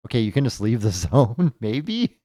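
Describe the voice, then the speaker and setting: A medium-pitched man with a dark, sing-song voice talks at normal speed during a first-time playthrough of a game. It's casual let's-play commentary full of thinking aloud and jokes, recorded dry at studio quality.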